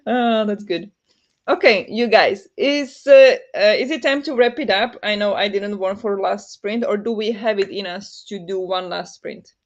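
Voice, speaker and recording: A woman with a Flemish accent, a native Dutch speaker, chatting loosely with her stream. She laughs often and reads the chat out loud. Her mid-pitched voice comes through a slightly muffled home mic. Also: moderate pace. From Flanders. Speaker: livestream host. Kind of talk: casual livestream chat. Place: home at night.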